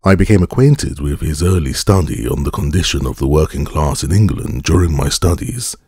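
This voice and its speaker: A man narrating an audiobook in a measured, formal storytelling manner. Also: expressive, darkish tone, dry recording, clean studio sound. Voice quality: very deep, gravelly and husky.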